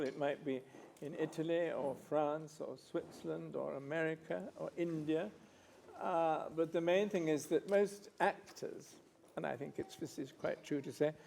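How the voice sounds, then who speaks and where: A man actor telling schoolchildren at a school about acting, in a gentle, reassuring storytelling way. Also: a little high, creaky, a little hiss or hum. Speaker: actor, visiting guest. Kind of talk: casual chat with schoolchildren.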